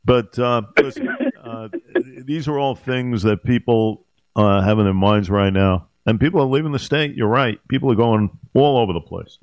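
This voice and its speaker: A man's voice: mid-range voice, normal speed, no echo, lo-fi sound. A man hosting a radio talk show, talking in a hesitant, filler-heavy, teasing way.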